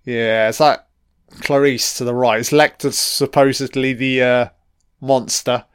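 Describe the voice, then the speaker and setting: A man talks slowly and deliberately through a film commentary. He swears freely and heckles the characters. His throat is slightly croaky, yet the voice stays smooth and clear, and it sounds close and dry. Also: medium pitch, steady tone, no echo. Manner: profane, talks back at the screen.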